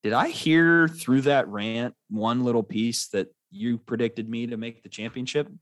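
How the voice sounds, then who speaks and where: A man's voice: medium pitch, unhurried, no room sound. A young man co-hosting a podcast, bantering in a teasing, easygoing way. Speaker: podcast co-host. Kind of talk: casual podcast chat.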